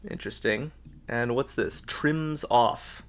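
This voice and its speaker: Solving a crossword live, a man chats with viewers, cheerfully thinking out loud and reading their suggested answers. He speaks slowly in a smooth, medium-pitched voice.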